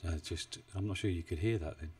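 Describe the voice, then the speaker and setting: A low-voiced man talks casually through a live stream, rambling and self-deprecating as he goes. His desk mic sits a bit too far away, so he sounds distant. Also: quick pace, a little mellow, slightly rough. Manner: chatty, rambling, self-deprecating, chuckles often. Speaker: forex trading live streamer. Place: home desk in the UK. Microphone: desk mic, not well placed.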